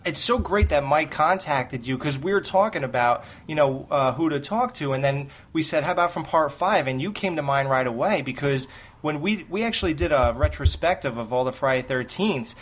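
A man's voice: a little high, a little fast, a bit bright. A man hosting a podcast interview, talking as an eager fan and laughing often. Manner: enthusiastic fan, laughs a lot. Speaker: podcast host. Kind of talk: casual interview chat.

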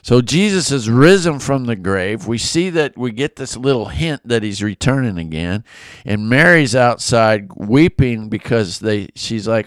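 A man's voice: medium pitch, animated, measured pace, smooth, no room sound, studio quality. A man leading a casual devotional Bible study, enthusiastic and conversational.

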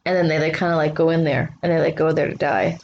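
A woman's voice: low voice, steady tone, fast, a little mellow. A woman in casual chat, tasting advent-calendar liqueurs and talking in a squeamish, chatty way full of "like" and restarts. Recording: slightly dull, faint hiss.

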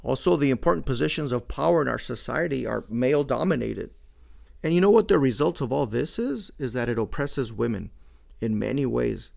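Man, middle-aged, gravelly, mid pitch, profane, blunt, casual monologue. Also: lively intonation, brisk, darkish tone. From Mexican-American. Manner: profane, blunt, mixing Spanish slang into English.

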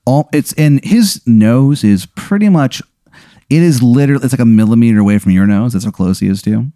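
A man's voice: medium pitch, expressive, fairly quick, dark tone, no echo, clean studio sound. A man running a tabletop game as game master, narrating scenes animatedly with crude humor.

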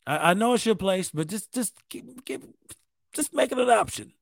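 A man's voice: high-pitched, lively intonation, normal speed, creaky, dry recording. A man from New York State hosting a show, talking in a rambling, profane, self-mocking casual monologue. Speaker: podcast host.

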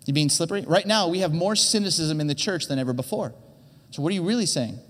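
A man's voice: a little high, animated, fast talker, a bit bright. Earnest man preaching in a reverberant hall. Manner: earnest, restarts and repeats words. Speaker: teaching pastor. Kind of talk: conversational sermon.

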